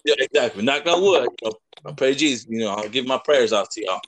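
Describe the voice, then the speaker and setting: A man's voice: medium pitch, animated, quick pace, a bit bright. Joking, rambling man with faint hiss. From Mexican-American from the Lake Michigan area. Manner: joking, rambling, laughs often. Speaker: podcast co-host. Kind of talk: casual chat.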